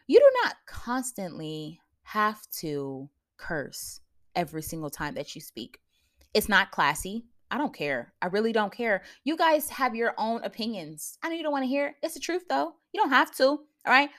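A woman's voice: a little high, sing-song, moderate pace, a bit bright. A young adult woman hosting a podcast, giving blunt, preachy advice in casual slang, often laughing and asking listeners if they follow. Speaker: podcast host.

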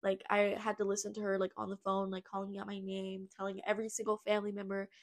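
A woman's voice: medium pitch, monotone, fast talker. A young woman podcast host telling her personal story in a confessional way, acting out the dialogue as she recounts it.

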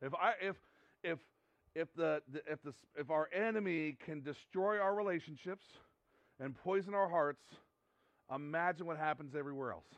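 A man's voice: on the high side, moderate pace, fairly bright tone, no room sound, dull audio. A man preaching a sermon in an earnest, conversational way, often repeating himself and restarting sentences. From United States. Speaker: pastor.

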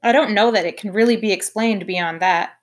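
A woman voicing a sleepy, mild-mannered middle-aged male pastor who talks slowly. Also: mid-range voice, lightly acted. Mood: drowsy, bemused.

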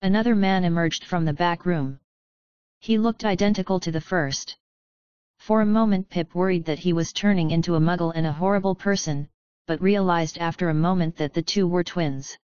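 A woman narrating a book chapter in a calm, measured storytelling manner. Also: lowish voice, clear, resonant tone, dry recording, lo-fi sound. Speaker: audiobook narrator. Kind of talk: scripted narration.

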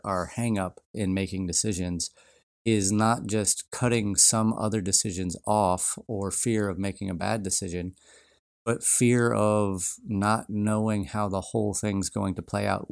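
A man's voice: fairly low pitch, vocal fry, dry recording, studio quality. A man hosting a podcast, talking through ideas in a casual, rambling way with many fillers and restarts. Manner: rambling, frequent fillers and restarts, laughs often. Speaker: podcast host. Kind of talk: casual reflective monologue.

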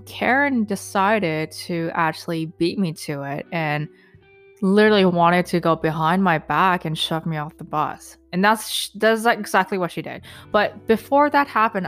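Indignant woman ranting with faint music. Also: lowish voice. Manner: indignant, profane, lots of fillers. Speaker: vlogger recounting an incident. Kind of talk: casual storytelling rant.

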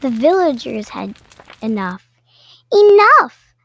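A woman reading a children's picture book aloud with playful, expressive storytelling and little asides. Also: on the high side, unhurried, no echo. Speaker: storybook reader.

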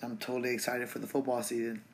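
A young man hosting a solo podcast, talking in a relaxed, slangy way as he rants about his day. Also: medium pitch, fast, a little hiss or hum. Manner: relaxed, slangy and ranting, full of fillers. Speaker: podcast host. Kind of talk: casual solo podcast monologue.

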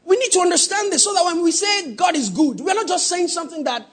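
A man preaching a sermon, teasing the congregation and building to shouted emphasis. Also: very high voice, animated, fast. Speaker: pastor.

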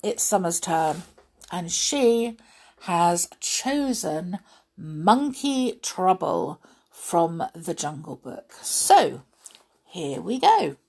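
A woman reading a children's story aloud as a storyteller, in a gentle, chatty manner with small fillers. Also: fairly low pitch, big pitch swings, very slow, husky.

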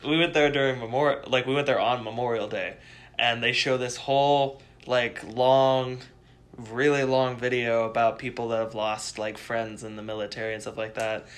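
A man chatting casually, telling stories in an animated way with frequent laughs. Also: medium pitch, moderate pace. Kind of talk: casual chat.

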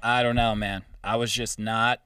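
A young man co-hosting a casual chat, telling animated stories with frequent swearing. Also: fairly low pitch, moderate pace, clear, resonant tone, dry recording. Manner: animated, profane storytelling. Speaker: podcast co-host. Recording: dry, slightly distant mic.

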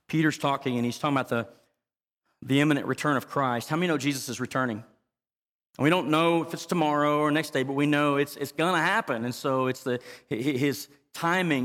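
A man's voice: mid-range voice, fairly bright tone, in a large hall. A man preaching a sermon to his congregation as pastor, emphatic and often asking the crowd to respond. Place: church.

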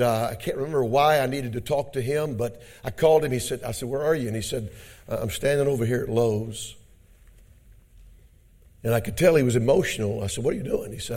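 A middle-aged male pastor preaches a sermon in a church conference hall. He tells a story in a low, quiet voice, then rises into loud, shouted exhortation.

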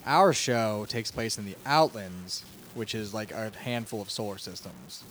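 A man's voice: lowish voice, lively intonation, a little slow, a bit bright. A young man co-hosting a podcast in casual chat, laid-back and rambling, with faint noise behind. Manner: laid-back, rambling, drops into joke accents. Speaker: podcast creator and co-host.

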